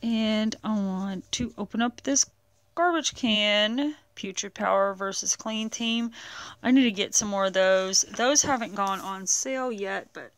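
A woman's voice: medium pitch, unhurried. A woman chatting casually as she unboxes toys, rambling and thinking aloud. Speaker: toy reviewer.

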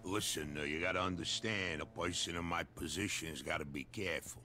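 An actor playing a shrewd middle-aged dockside crime boss who talks in a streetwise, persuasive way. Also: male voice, sits low, brisk, sharp tone, slight background noise. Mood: scheming.

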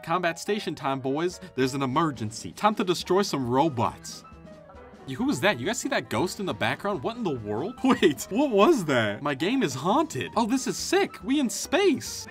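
Excitable young man narrating gameplay. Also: fairly high pitch. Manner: excitable, joking, loud outbursts. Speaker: gaming YouTuber. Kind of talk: casual gameplay commentary. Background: game music.

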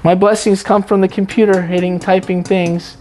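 A man's voice: high-pitched, flat delivery, moderate pace, darkish tone, a little hiss or hum. A man preaching a sermon in a conversational way, teasing and mimicking what others say in prayer.

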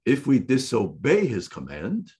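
A man preaching a sermon, reading scripture verse by verse and explaining it with deliberate emphasis and repetition. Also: medium pitch, wildly swooping pitch, dark tone, husky.

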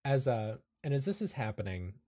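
Laid-back husky male game master. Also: medium pitch, big pitch swings, a little fast, warm tone. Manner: laid-back narration with frequent fillers. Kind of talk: narrating a tabletop game.

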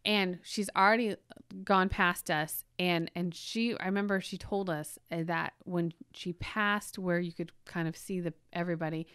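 A woman in her forties co-hosting a podcast, telling a family story with lively emotion and many restarts. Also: fairly low pitch, normal speed, clear, resonant tone, dry recording, clean studio sound. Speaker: podcast co-host. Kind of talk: casual storytelling chat.

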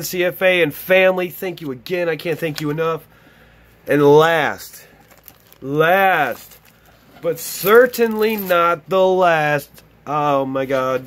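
Gushing excitable man unboxing mail. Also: fairly high pitch. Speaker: YouTube vlogger opening mail. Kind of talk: excited casual unboxing chat.

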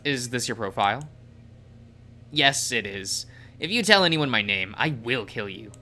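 A man's voice: mid-range voice, very animated, moderate pace, pushed and bright. Man doing prickly sarcastic Ring, curt. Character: gruff young man, annoyed and prickly.

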